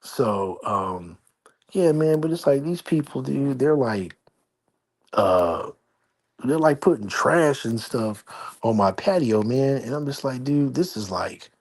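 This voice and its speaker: A man hosts a casual livestream chat from his apartment, rambling and slangy yet keeping his voice low. His mid-range voice is expressive and a little slow, with a darkish tone.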